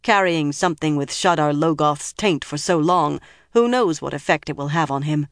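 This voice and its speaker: A reader voicing a cold, stern older woman leader, speaking in a measured, firm way in an audiobook. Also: medium pitch, a bit bright, no echo, clean studio sound, natural voice. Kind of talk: audiobook character reading.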